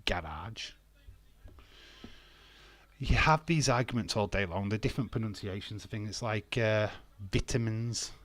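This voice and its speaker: A man's voice: lowish voice, normal speed, pauses often, fairly bright tone. A British man hosting a casual live watch-along, bantering and reading chat comments aloud with frequent laughs. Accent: British English. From England.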